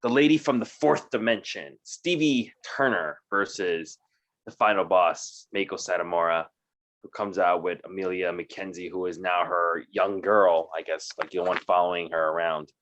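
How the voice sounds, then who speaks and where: A man's voice: deep voice, normal speed, a bit bright, slight background noise. A man co-hosting a casual podcast, giving dry, wry commentary. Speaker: podcast co-host. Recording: dull lo-fi mic.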